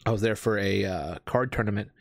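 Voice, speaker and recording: A man telling a long story in casual chat, rambling with lots of fillers and restarts, getting animated. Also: fairly low pitch, fairly quick, gravelly, no room sound, clean studio sound. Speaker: escape room game host.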